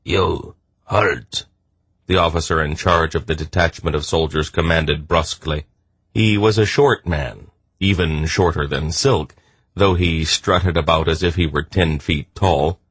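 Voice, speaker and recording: Man, audiobook narrator, scripted narration, very deep voice, bright, forward. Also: steady tone, moderate pace, breathy edge, dry recording.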